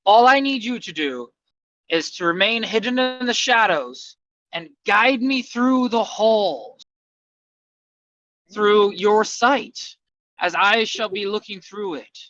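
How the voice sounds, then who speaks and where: A courtly adventurer who speaks in grand, formal phrases, as a player puts him on. His tone is bright and forward. The sound is dry and close. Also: mid-range voice, expressive, slow, dry recording, lo-fi sound. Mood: solemn. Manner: grand, old-fashioned speech.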